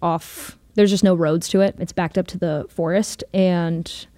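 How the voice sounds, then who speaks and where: A young woman in her twenties, a singer in a band, talks casually in a radio studio interview. Her voice is mellow and relaxed, she laughs often, and she leans on fillers and restarts. The sound is dry and close. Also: lowish voice, unhurried, dry recording.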